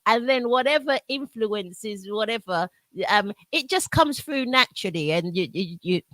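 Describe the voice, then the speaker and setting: A woman's voice: a little high, lively intonation, normal speed, dry recording. A woman from the UK with a South London accent, hosting a casual radio interview and gushing with praise for her guest. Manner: warm gushing praise, frequent laughter. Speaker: radio host.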